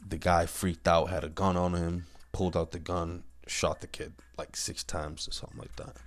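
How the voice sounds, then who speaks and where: Deep-voiced man on a profane rant. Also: little pitch movement, normal speed. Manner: blunt, heated, repetitive with restarts and "man".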